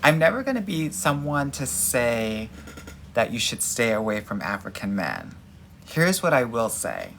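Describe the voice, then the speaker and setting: A man's voice: mid-range voice, wildly swooping pitch, unhurried, vocal fry, a bit bright, slight background noise. A man hosting a live dating Q&A, answering viewer comments in a sassy, emphatic way and calling his audience girl and honey. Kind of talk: casual livestream chat answering viewer comments.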